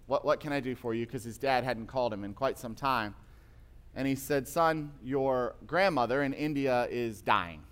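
A man's voice: mid-range voice, a bit bright, clean tone. A man giving a sermon, retelling a story at length and acting out the voices of the people in it. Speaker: preacher.

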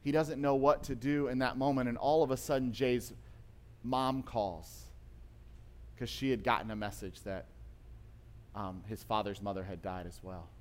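A man preaching through a retold story. He shifts his loudness a lot, rising for the quoted voices and dropping low and quiet for the tender moments. His voice sits at an average pitch for a man. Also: steady tone, normal speed. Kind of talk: sermon storytelling.

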